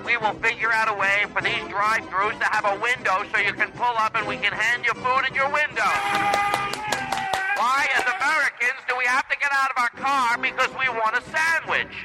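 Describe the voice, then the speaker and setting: A man's voice: extremely high pitch, steady tone, brisk, poor audio. Man doing a brash, insulting big-city mayor. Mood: speechifying. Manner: abrasive, bullying, blunt insults. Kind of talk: improvised comedy sketch. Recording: music playing behind.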